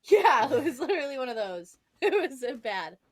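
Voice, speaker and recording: A woman's voice: high voice, very animated, normal speed. A young woman co-hosting a casual podcast, teasing her partner and giving blunt short answers. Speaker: podcast co-host. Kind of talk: casual chat.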